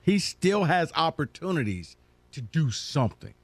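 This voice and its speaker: A sports radio co-host talking through his view in a measured, even-tempered way. His voice sits a little high for a man. The studio sound is dry and close. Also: slightly rough, no room sound. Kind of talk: sports talk radio discussion. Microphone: studio microphone.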